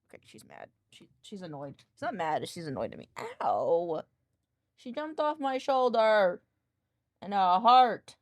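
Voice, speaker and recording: A woman's voice: mid-range voice, very animated, unhurried, dry recording. A woman streaming from her home desk, chatting casually and playfully teasing, cooing baby talk at her cat. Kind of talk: casual live-stream chat.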